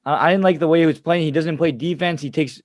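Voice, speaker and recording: A man's voice: a little high, steady tone, fast, a little mellow, no echo, clean studio sound. A young man co-hosting a sports podcast, hesitant and stammering, defending his team. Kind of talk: casual sports chat.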